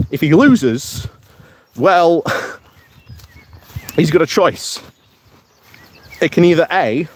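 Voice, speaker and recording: A man with a slightly high voice chats through casual political commentary on a live stream while taking a morning walk in the countryside. He laughs often and reads out comments from viewers.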